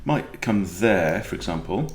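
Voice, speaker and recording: A Welsh man with a lowish voice talks through a chess game in a chatty, jokey way, his pitch swinging up and down as he thinks aloud. The room around him adds a noticeable echo. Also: animated, measured pace, gravelly, a little hiss or hum. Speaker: chess coach. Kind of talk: casual game commentary.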